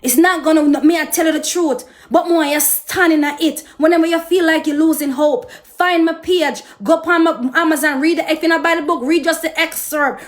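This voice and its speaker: A woman with a Jamaican accent telling viewers her life story, emotional and preachy, speaking to them directly. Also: high voice. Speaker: host.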